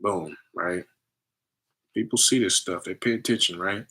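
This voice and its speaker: A man with a low, bright, forceful voice talks loosely to his listeners. He acts out the people in his stories in high voices and comes back to plain talk in between. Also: a little slow, husky. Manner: animated storytelling, acts out others in high voices; loose conversational slang. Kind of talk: casual spiritual talk.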